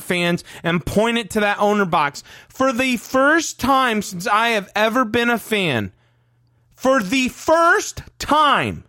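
A fired-up man hosting a sports podcast, ranting with hard emphasis and frequent swearing. His voice sits high and swings widely. The sound is dry and close. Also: sharp tone, no room sound. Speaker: podcast host. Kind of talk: heated sports podcast talk.

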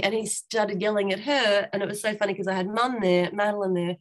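A woman speaks as a guest in an interview, recounting her own experiences openly. Her voice sits at an ordinary middle pitch, and she talks in loose, rambling sentences with restarts and the odd laugh. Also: steady tone, brisk, hardly any pauses. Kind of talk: candid personal storytelling.

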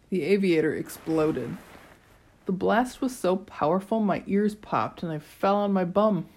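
A woman's voice: on the low side, animated, measured pace, darkish tone. A woman reading an audiobook chapter aloud, telling it in the first person with a dry, wry tone. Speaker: audiobook narrator. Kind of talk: scripted narration.

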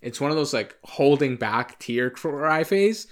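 A man's voice: mid-range voice, expressive, a little slow. A young man from Canada chatting casually as a podcast co-host, telling a long, rambling story and pushing to finish his point. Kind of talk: casual chat.

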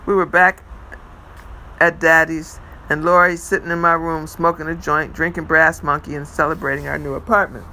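A man reads a first-person novel aloud, steady and measured, now and then tripping over a word and restarting. His voice is bright and fairly high for a man. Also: slight background noise, poor audio. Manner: measured first-person storytelling with occasional stumbles. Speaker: reader.

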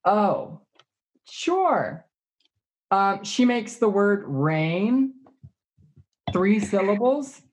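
A man's voice: sits high, big pitch swings, drawn-out words, long pauses, slight background noise, low-quality recording. A man, the show's producer, chiming in during a casual chat with brief, teasing remarks. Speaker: executive producer.

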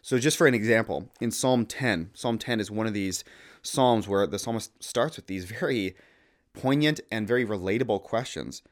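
A man's voice: lowish voice, moderate pace. A man in his thirties, a podcast co-host, talking through theology in an earnest, thoughtful way and quoting Scripture aloud. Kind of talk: casual theological discussion.

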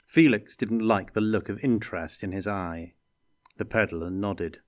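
A man narrating a fantasy tale in a measured, deliberate manner. His voice sits low, and he reads at a very unhurried pace. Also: fairly even intonation, no room sound, clean studio sound. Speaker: reader. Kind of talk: fantasy story reading.

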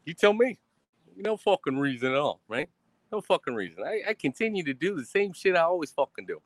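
A man's voice: on the high side, very animated, a little fast, dry recording. A man ranting defiantly on a live stream, swearing constantly and mocking his critics with sarcasm.

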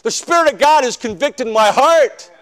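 A male preacher telling his conversion story in a sermon, swinging from loud shouts to hushed confession. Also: very high-pitched, lively intonation, normal speed. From northern United States. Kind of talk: sermon testimony.

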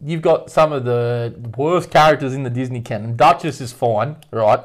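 A man's voice: medium pitch, moderate pace. A man co-hosting a casual movie ranking chat, bluntly ranting and laughing through his complaints. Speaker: co-host.

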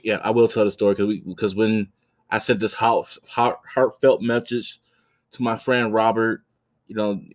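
A man in his thirties with a fairly low voice hosts a casual wrestling podcast. He rambles through a story with frequent restarts and blunt, profane asides. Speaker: podcast host.

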